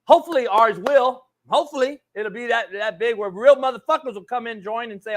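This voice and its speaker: A man's voice: very high voice, a little fast, few pauses. A man hosting a sports talk show, ranting profanely and calling people homie. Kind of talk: heated sports debate.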